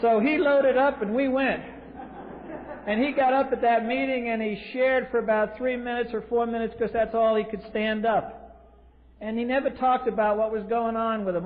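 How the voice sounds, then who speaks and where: A man telling his recovery story from a podium, blunt and wry with dry humor, from the US East Coast. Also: sits high. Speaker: recovery meeting speaker. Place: large convention hall. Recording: tinny lo-fi 1980s tape in a reverberant hall.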